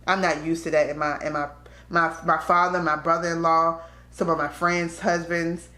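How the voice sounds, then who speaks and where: Woman vlogger, low-pitched and candid, talking straight to camera in a roomy, echoey space. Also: level tone, moderate pace, sharp tone. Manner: candid, conversational, slips into quoted voices. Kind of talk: casual storytelling to camera. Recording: echoey room.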